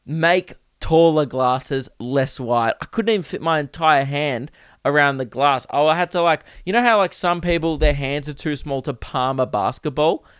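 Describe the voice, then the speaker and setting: A man's voice: fairly high pitch, moderate pace, fairly bright tone, clear, resonant tone, dry recording, studio quality. A young man hosting a podcast, telling a rambling, profane, self-mocking comedy story in casual chat. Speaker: podcast host.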